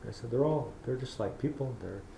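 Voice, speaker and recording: A middle-aged man gives a folksy storytelling lecture, his voice gravelly and mellow. He speaks in a roomy lecture hall, and a faint hiss sits under the recording. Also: medium pitch, brisk. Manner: storytelling, folksy, acts out talking to kids. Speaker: public lecturer. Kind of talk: public talk.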